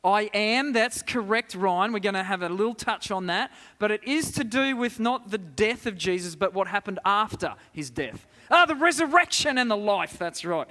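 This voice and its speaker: A man with a slightly high voice teaches a church group, chatting easily and asking the room for answers. His voice carries a long reverb off the hall walls. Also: expressive, moderate pace, few pauses, sharp tone. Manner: conversational, asks the congregation questions. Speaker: preacher. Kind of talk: interactive Bible teaching.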